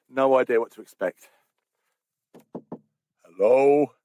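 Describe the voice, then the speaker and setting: A man's voice: medium pitch, fairly quick, a bit bright, no echo, highs cut off. A man with a southern English home counties accent, chatting enthusiastically to the camera while hiking outdoors on snowy moorland. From southern England, home counties. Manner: chatty and enthusiastic, laughs often. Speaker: hiking vlogger. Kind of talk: outdoor vlog narration.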